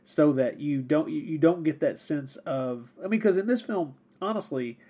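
A man with a husky, slightly raised voice talks through a film in casual podcast chat. His tone is mellow and dark, and he circles back on himself, stumbles over repeated words and laughs now and then. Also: a little high, moderate pace. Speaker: podcast co-host.

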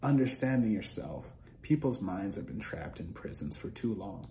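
Rambling, profane young man with a dark voice. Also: on the low side, very animated, moderate pace, slight background noise. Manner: profane, scattered, stream-of-consciousness. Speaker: podcast host. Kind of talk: rambling solo monologue.

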